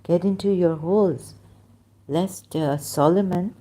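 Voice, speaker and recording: A woman reads scripture aloud and comments on it, halting and chuckling at herself. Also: fairly low pitch, warm tone. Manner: halting, self-interrupting, chuckling. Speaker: religion critic.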